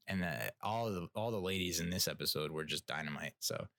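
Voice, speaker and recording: A man's voice: sits low, animated, brisk, vocal fry, sharp tone, no room sound, studio quality. A young man hosting a casual solo podcast, rambling through opinions with restarts, fillers, casual swearing and laughs at his own jokes. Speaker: podcast host.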